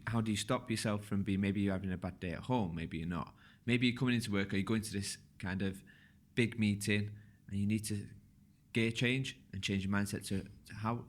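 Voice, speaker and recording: A man with a slightly low voice hosting a casual podcast interview. He talks loosely and at length, circling back and restarting his questions as he thinks them through. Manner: rambling, relaxed, restarts questions often. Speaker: podcast host.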